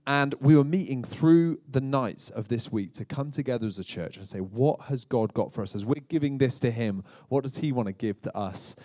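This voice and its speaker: A man's voice: mid-range voice, lively intonation, moderate pace, few pauses, mellow, no room sound, clean studio sound. A British man preaching as a pastor, telling light humorous stories with chatty asides to his congregation. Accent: British English. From Britain. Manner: chatty, self-deprecating storytelling with asides to the congregation. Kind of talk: humorous sermon.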